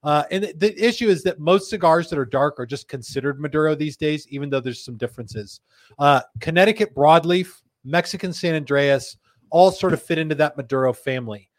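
A man's voice: on the high side, fairly quick, dry recording. Chatty man hosting a live show. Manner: laid-back, joking, reads viewer comments aloud. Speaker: host. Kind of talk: casual live chat show. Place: company studio.

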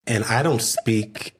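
A man's voice: mid-range voice, slight background noise. A man co-hosting a podcast interview, talking casually with many restarts and a teasing streak. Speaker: podcast co-host.

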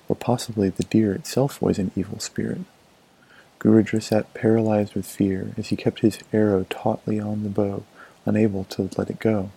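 Gravelly, low-voiced male storyteller. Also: level tone, normal speed, mellow, rough recording. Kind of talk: storybook narration.

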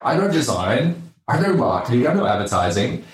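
A man with an Australian accent, a podcast guest telling a story casually, animated and swearing freely. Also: mid-range voice, a little fast, reverberant.

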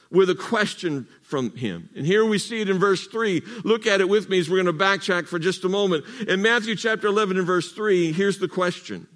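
A high-pitched man preaching in a church sanctuary. He leads his congregation in call-and-response, slowing down and stretching out the words he wants to land. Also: a bit bright. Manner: call-and-response preaching, drawn-out emphatic phrases. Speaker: pastor. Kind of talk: sermon.

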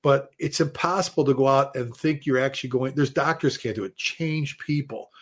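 A man, a fire chief guest on a show, telling stories in an animated, casual way with many restarts and repeated words. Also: mid-range voice, normal speed. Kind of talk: casual storytelling.

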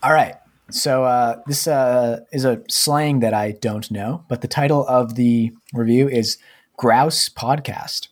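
A man's voice: mid-range voice, slow. A man co-hosting a podcast, chatting casually in a hesitant, self-deprecating way. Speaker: podcast co-host.

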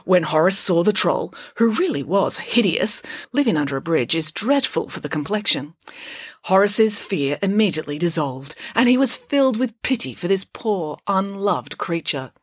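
Woman storyteller, playful and wry, very animated pitch, dry close sound. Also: breathy edge, no echo. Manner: expressive, wry and playful, with dramatic pauses. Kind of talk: storybook narration.

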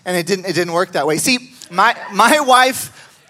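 A man preaching a sermon as a pastor, telling stories with excited jumps in his voice. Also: measured pace. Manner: animated storytelling with excited pitch jumps.

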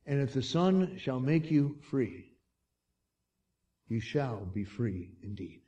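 Dramatic slow-speaking male preacher. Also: mid-range voice, expressive, recorded from a distance, highs cut off. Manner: dramatic storytelling, swinging from hushed to shouted. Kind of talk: sermon.

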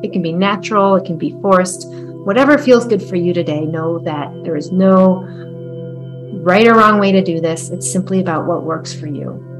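A woman guiding a breathwork meditation with calm, soft, unhurried instructions. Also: lowish voice, over music. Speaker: breathwork guide.

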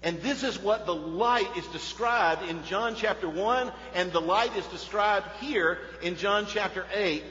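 A male pastor preaching a sermon, swinging between loud emphatic peaks and hushed low passages. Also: unhurried, few pauses, slight background noise. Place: church sanctuary. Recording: echoey hall, dull sound.

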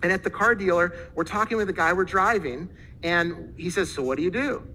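Bright, high-voiced male pastor preaching. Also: fairly quick, a little hiss or hum, poor audio. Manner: animated, acts out quoted voices. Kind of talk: sermon storytelling.

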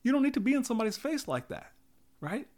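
A man's voice: very high voice, very animated, quick pace, darkish tone. A man giving a casual motivational talk, emphatic and repetitive, with many fillers.

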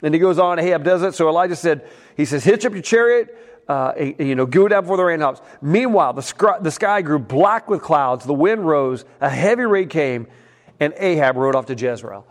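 A middle-aged man preaching a sermon in a folksy, animated way, acting out the quotes in his stories. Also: on the high side, a little fast. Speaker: pastor. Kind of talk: sermon with storytelling.

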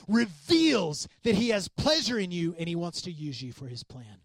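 A man preaching a sermon as a pastor, animated and conversational, acting out quoted voices. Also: sits high, a little slow, hardly any pauses, no echo.

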